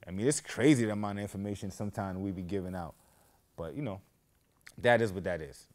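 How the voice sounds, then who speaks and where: Low-voiced and fast, a man runs his own podcast with a casual storytelling monologue. He keeps going off on tangents and perks up, raising his voice, whenever he quotes other people.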